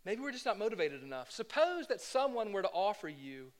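Man, pastor, high voice, preaching, rhetorical questions, loud peaks and quiet lows. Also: big pitch swings, brisk. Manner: swings from hushed lows to loud exhortation. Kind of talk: sermon.

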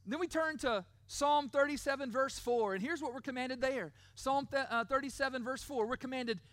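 A middle-aged male pastor giving a sermon. He stresses key words, slows down to repeat them, and often checks in with "right?". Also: very high-pitched, fairly bright tone, dry recording. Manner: emphatic, repeats key words slowly, asks the crowd "right?".

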